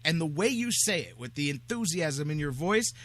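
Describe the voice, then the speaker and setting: Male sports radio host, chatty and joking, bright forceful voice. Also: on the high side, very animated. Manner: chatty, joking, quick asides. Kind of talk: casual sports talk radio.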